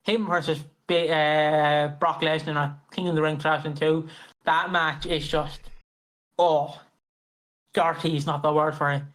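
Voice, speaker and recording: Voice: medium pitch, level tone, measured pace, fairly bright tone. A co-host chatting casually about wrestling, swearing, laughing and humming theme songs. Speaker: podcast co-host. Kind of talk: casual wrestling podcast chat.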